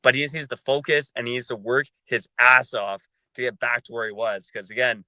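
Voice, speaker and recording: A man hosting a sports podcast, talking in a measured, analytical way. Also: medium pitch, steady tone, pushed and bright, dry recording, poor audio. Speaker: podcast host.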